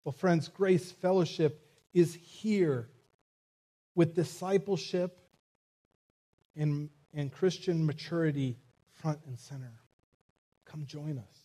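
A man preaching a sermon as a church pastor, reading scripture and speaking to his congregation in a measured way. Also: on the high side, fairly even intonation, warm tone. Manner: preaching with rising intensity, measured pacing.

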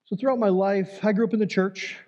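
A man's voice: sits high, steady tone, fairly quick, a little mellow, muffled recording. A man, a church elder, giving an earnest, conversational sermon with some fillers and restarts.

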